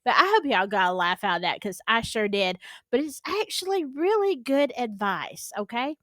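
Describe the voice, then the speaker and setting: A woman with a Southern US accent hosting a casual reaction video, chatty and animated, laughing often and repeating herself. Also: on the high side, moderate pace, dry recording. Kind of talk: casual chat reacting to clips.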